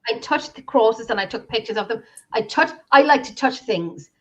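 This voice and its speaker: A woman's voice: a little high, lively intonation, moderate pace. An Irish woman on a video call, telling a story in casual chat, emotional and rambling, with many restarts. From Ireland. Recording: dull lo-fi sound.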